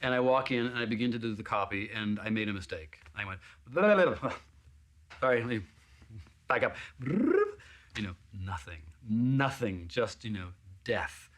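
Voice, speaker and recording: A man's voice: expressive, a little slow. A man telling an audition story, acting out the other people's lines in it. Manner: acts out other people's lines with big pitch jumps. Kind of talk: animated anecdote.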